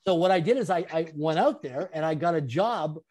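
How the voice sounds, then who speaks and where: A man, an interview guest and speaker, telling his story in an animated way with frequent chuckles. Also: fairly high pitch, fairly quick. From Canada.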